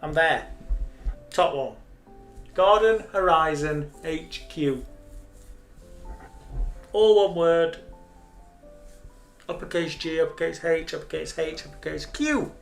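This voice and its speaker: A man hosts a live stream in a loose, rambling chat, often poking fun at himself. His voice sits a little high for a man. Soft music plays faintly behind him. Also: takes it slowly, creaky, pauses often. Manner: chatty, rambling, self-mocking.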